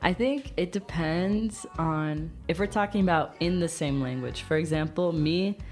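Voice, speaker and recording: Woman, podcast co-host, low relaxed voice, faint music behind. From United States. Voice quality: relaxed, laughs easily, drawn-out phrasing. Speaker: podcast co-host, English teaching assistant. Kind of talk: casual podcast chat.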